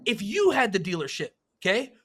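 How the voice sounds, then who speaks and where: A man hosting a panel discussion as a sales trainer, talking in a blunt, emphatic, animated way. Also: sits high, brisk, husky. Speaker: sales trainer and show host.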